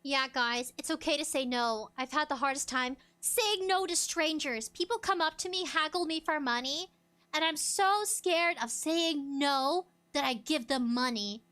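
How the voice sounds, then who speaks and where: High, bright-voiced woman streamer. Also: measured pace. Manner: laughs often, acts out loud dialogue. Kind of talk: casual chat.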